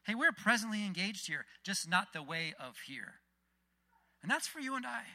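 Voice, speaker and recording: A man giving a casual, conversational sermon with Bible readings and lively retellings. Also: high-pitched, moderate pace. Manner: conversational, animated, frequent restarts. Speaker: preacher.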